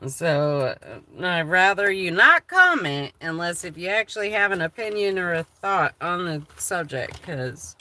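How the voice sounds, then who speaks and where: A woman's voice: on the low side, big pitch swings, measured pace, bright, forceful tone, a little hiss or hum. A woman chatting candidly on a livestream, emotional and swearing freely. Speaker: live streamer. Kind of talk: casual livestream chat.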